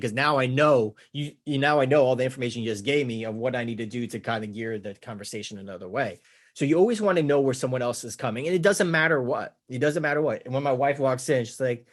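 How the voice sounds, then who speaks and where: A man coaching real estate agents on negotiation, energetic and casual, mimicking clients with playful chatter. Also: medium pitch, a little fast. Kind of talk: teaching with slides.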